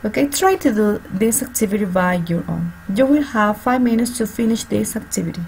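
Gravelly-voiced woman teaching kids. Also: medium pitch, lively intonation, a little mellow, rough recording. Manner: slow, repeats and spells out words for students. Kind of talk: online class instruction. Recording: faint background noise.

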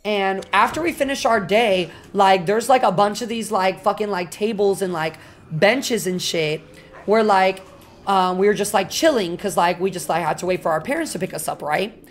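A young woman streamer telling a story to her chat, animated and full of swearing and fillers. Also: medium pitch, normal speed, slight background noise. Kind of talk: casual storytelling to a live chat.

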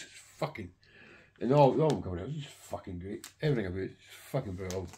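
Low, very raspy middle-aged man. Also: expressive, fairly quick, pauses often, mellow. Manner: heavy swearing, rambling and enthusiastic. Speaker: record collector. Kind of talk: casual chat to camera.

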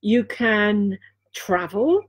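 A woman from Dorset, England, gives a live intuitive card reading in a mid-range voice. She speaks earnestly, returning again and again to key phrases and pausing on fillers as she feels her way through the reading. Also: mid-range voice, expressive. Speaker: intuitive reader and healer.

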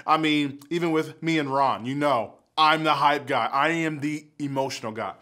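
High-voiced, excitable young male youth leader. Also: moderate pace. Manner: excitable, animated storytelling. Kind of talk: casual youth talk to camera.

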